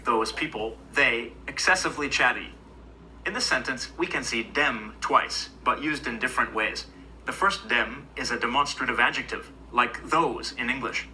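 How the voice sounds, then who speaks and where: A man giving scripted educational narration, explaining grammar in an even, explanatory way. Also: mid-range voice, normal speed, a little hiss or hum, rough recording. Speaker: language video narrator.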